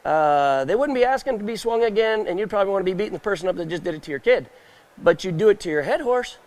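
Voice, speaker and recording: A man's voice: high-pitched, lively intonation, fast talker. A man gives a live roping demonstration on a trade show stage, quizzing the crowd and acting out scenes in a folksy way.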